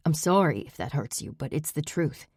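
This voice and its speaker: A woman's voice: sits low, lively intonation, moderate pace, a little mellow, slightly rough, dry recording, clean studio sound, exaggerated voice. A woman doing a firm young male wolf.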